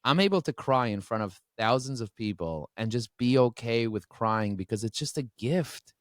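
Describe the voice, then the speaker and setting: A man's voice: medium pitch, animated, normal speed, dry recording, studio quality. A man guest on a podcast, speaking openly and emotionally, often restarting his sentences. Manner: emotional, open, many restarts. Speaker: podcast guest, business owner. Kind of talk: candid interview talk. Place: standing while talking.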